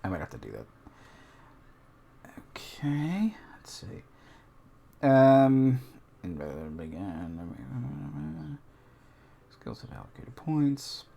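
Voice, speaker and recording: Slow, gravelly man thinking aloud. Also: mid-range voice, very animated, dark tone. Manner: mutters and reads numbers aloud to himself, chatty asides to the stream chat. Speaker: streamer playing a solo tabletop game. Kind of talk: casual thinking aloud while filling in a character sheet.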